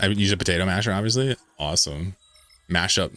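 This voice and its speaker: Streaming a game, this mid-Atlantic-accented man from Pennsylvania reads chat aloud and rambles with jokes in casual talk. He sounds low, bright, and forceful, speaking a little fast with no room sound.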